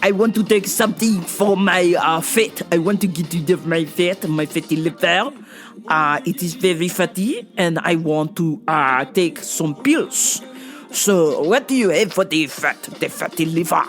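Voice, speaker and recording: A woman voicing a grumpy, foul-mouthed male customer, speaking in halting, broken phrases. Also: on the low side, soft background music, natural voice. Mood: pleading. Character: grumpy, cussing male pharmacy customer with put-on French accent.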